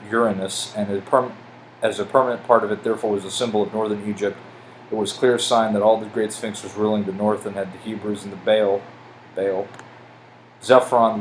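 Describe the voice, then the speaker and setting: Low-voiced rambling man, faint hum. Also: rough recording. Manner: rambling, excitable, swears, reads aloud haltingly. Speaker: conspiracy video host. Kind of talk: casual rambling commentary over pictures.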